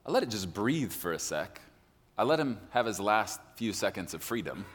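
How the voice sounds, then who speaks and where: A man preaching a sermon as a pastor, talking straight to his congregation with animated emphasis. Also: on the low side, moderate pace, long reverb tail, slight background noise. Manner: animated, addresses the congregation directly.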